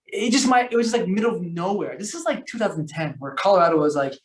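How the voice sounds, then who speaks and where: A man telling long stories as a podcast guest, rambling and animated, with lots of fillers, restarts and slang. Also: high-pitched, quick pace. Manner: slangy, calls the host bro. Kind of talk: casual storytelling conversation.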